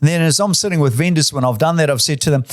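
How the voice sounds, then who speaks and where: Aussie real estate guy rattling off tips, lots of uhs, a bit high pitched. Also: rapid-fire, no room sound, studio quality. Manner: enthusiastic, chatty, lots of "uh" fillers. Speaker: real estate CEO and auctioneer giving tips. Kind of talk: casual instructional talk.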